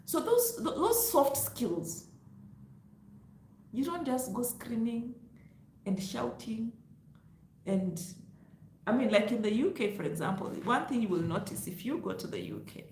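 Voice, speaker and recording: A woman giving advice to camera in a loud, emphatic, lecturing way, laughing now and then as she talks to her viewers. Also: mid-range voice, reverberant, a little hiss or hum. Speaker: travel vlogger. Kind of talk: direct-to-camera advice vlog.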